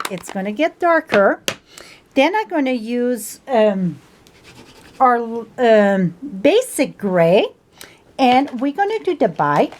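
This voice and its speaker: Slow, chatty woman demonstrating a craft. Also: sits high. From France. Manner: chatty, homespun, non-native grammar with fillers. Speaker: stamping craft instructor. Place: home craft table.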